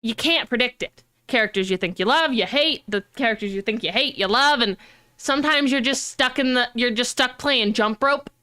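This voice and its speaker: A young woman streamer chatting casually, animated and rambling, with frequent swearing. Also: fairly high pitch, moderate pace.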